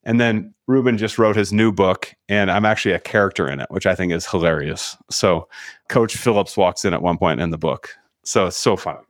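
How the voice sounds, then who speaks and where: A man's voice: low-pitched, fairly quick, dry recording, studio quality. A middle-aged man, a sales leadership coach, telling a story as a podcast guest and acting out the dialogue with energy.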